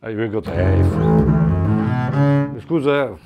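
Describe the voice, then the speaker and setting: A man teaching double bass technique in a masterclass, explaining in a halting way with frequent restarts. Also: lively intonation, creaky, phone-quality sound. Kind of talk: instrument masterclass demonstration. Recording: faint bowed string music behind.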